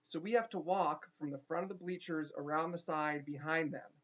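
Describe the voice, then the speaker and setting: A young man, a teacher, telling a funny story casually with animated asides and quick restarts. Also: a little high. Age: young adult. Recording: dull lo-fi recording.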